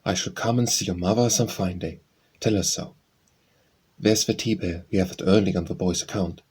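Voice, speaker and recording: A man reading an audiobook, voicing a gruff, abrupt elderly gentleman who is kindly underneath. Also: deep voice, normal speed.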